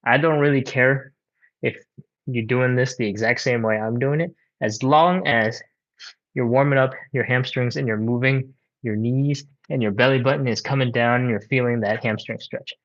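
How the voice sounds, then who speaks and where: A man's voice: mid-range voice, moderate pace, lo-fi sound. Man coaching a home stretching workout. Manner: encouraging, counts reps, casual coaching. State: out of breath. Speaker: stretching instructor. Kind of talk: live workout instruction.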